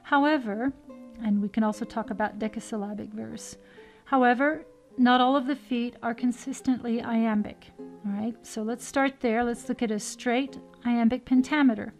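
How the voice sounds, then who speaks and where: A woman's voice: fairly high pitch, steady tone, darkish tone, soft background music. A woman teaching a recorded lesson on verse meter, explaining carefully and tapping out stressed and unstressed syllables. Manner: measured, explanatory, reads verse lines slowly with stress.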